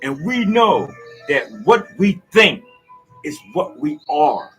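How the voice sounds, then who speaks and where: A man with giving a rambling, preachy motivational monologue that swings from loud outbursts to low asides. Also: very animated, slow, faint music behind. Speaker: speaker giving a motivational talk.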